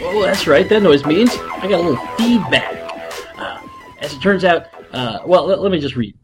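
A man hosting an internet radio show in casual, rambling chat, self-deprecating and animated. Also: a little high, moderate pace, loud music behind the voice.

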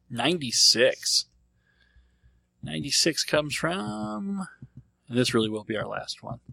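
Male host, mid pitch, casual rambling chat answering questions, dry close recording. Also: gravelly, a bit bright, dry recording. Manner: rambling and conversational, thinking aloud. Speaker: podcast host.

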